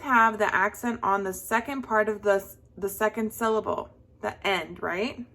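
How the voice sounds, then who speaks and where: A young woman's medium-pitched, sharp voice moves a little slowly with few pauses as she teaches young children. She draws out words in a sing-song manner for them to echo in this slow, patient lesson.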